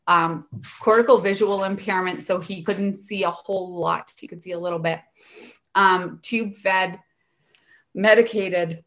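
Woman in her thirties, educational assistant, casual storytelling, animated, acts out the voices in her stories. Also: mid-range voice.

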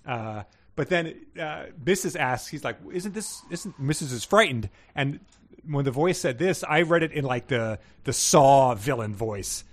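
A man's voice: mid-range voice, lively intonation, a little slow. A man co-hosting a podcast, explaining in a rambling, casual way full of asides. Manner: rambling, filler-heavy explaining. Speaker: podcast co-host. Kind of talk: casual chat.

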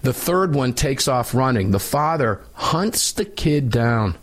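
A man's voice: mid-range voice, big pitch swings, slow. A man with an American accent hosting a radio talk show, telling a story in an emphatic, indignant way. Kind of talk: impassioned radio commentary.

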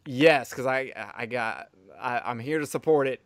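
A man's voice: mid-range voice, moderate pace, smooth. A man hosting a casual podcast interview, rambling and enthusiastic, swearing freely. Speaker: podcast host.

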